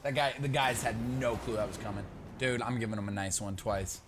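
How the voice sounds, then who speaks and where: A young man chatting through live gameplay, talking to his teammate and breaking into excited shouts. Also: lowish voice, a little fast, music in the background. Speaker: gaming YouTuber. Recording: background noise.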